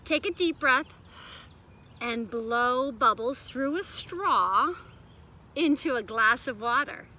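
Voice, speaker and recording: A woman's voice: a little high, lively intonation, slow, bright, forceful tone. A woman preschool teacher reading a picture book aloud to young children, asking them questions in a sing-song way.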